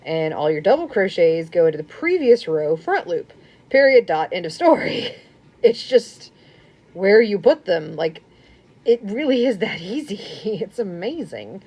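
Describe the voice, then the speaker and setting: A young woman chatting casually on a crochet live stream at home. She rambles, laughs often and sometimes drops to a soft murmur. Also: medium pitch, big pitch swings, measured pace, breathy edge.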